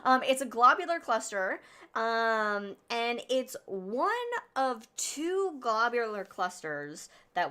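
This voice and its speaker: A woman's voice: mid-range voice, a bit bright. Chatty woman rambling through astronomy notes. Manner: rambling, chatty explaining with many fillers. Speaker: podcast co-host presenting sky events. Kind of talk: casual chat.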